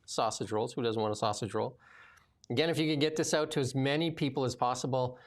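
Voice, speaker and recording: Rambling host, lots of ums. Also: male voice, medium pitch, fast talker. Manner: rambling, many fillers. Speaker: podcast host. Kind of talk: casual political chat.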